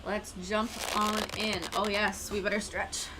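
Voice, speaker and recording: A woman's voice: medium pitch, level tone, a little slow, background noise. Chatty self-deprecating woman streamer. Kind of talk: casual live-stream chat.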